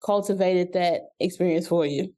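A woman interviewing a pastor, asking questions in a relaxed, conversational way and affirming his answers. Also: on the low side, moderate pace. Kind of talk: casual interview.

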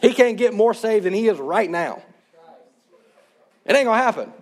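A man's voice: sits high, expressive, normal speed. A man in his thirties, a pastor, preaching a sermon in an earnest, conversational way.

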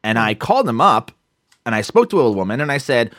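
A man co-hosting a podcast, telling a story in a casual, animated way and swearing now and then. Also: mid-range voice, brisk, no echo, clean studio sound. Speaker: podcast co-host.

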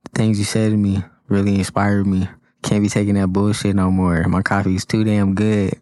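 A man's voice: fairly low pitch, flat delivery, moderate pace, mellow, dry recording, natural voice. A man playing a blunt goblin café owner. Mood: resolute. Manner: casual, blunt.

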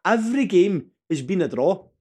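A Scottish man in his thirties with a slightly high voice co-hosts a loose podcast chat. He tells stories with a lot of energy, swears casually and laughs at his own punchlines. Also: moderate pace, husky. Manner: animated storytelling, swears freely, laughs mid-story. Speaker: podcast co-host.

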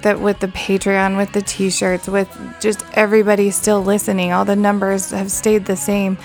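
Gravelly-voiced woman podcast host. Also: medium pitch. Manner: profane, emotional, laughs often. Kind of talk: casual chat. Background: faint background music.

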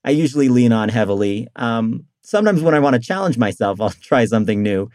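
Male comedy guest, rambling and quick to laugh, lively pitch, dry sound. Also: dry recording. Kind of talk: casual interview chat.

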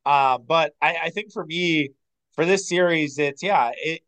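A man co-hosting a casual sports podcast, opinionated and animated, with quick asides and some swearing. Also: on the high side, clean tone, poor audio. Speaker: podcast co-host.

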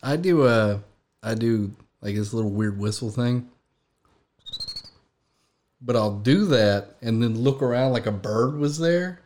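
A man who is a guest on a podcast, bantering in a joking, animated way during casual chat. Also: medium pitch, measured pace, long pauses.

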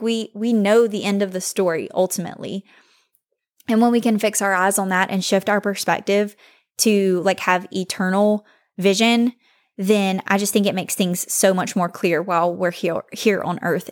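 Young woman podcast host, solo, earnest and heartfelt, mid-range voice. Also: mid-range voice. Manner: earnest, heartfelt, faith-focused.

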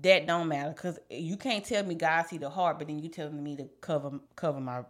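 Woman, lower voice, casual faith chat, animated and preachy. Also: brisk. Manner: animated, preachy, acts out quotes. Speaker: podcast co-host.

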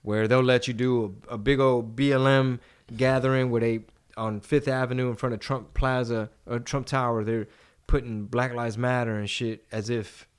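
A man's voice: medium pitch, moderate pace, clear, resonant tone. A man hosting a podcast in casual chat, rambling and cursing freely as he tells stories. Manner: rambling, profane, animated storytelling. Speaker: podcast host.

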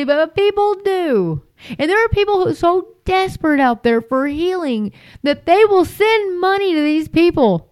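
A woman's voice: very high voice, expressive, normal speed, a little mellow, no echo. A woman giving impassioned religious commentary, emphatic and repetitive, with frequent fillers. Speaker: Christian commentator.

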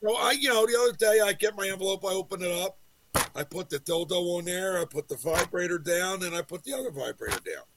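A man's voice: high voice, lively intonation, quick pace, background noise. A middle-aged man co-hosting a talk show, swearing freely and telling crude stories full of quoted dialogue. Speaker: co-host. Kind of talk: casual profane banter.

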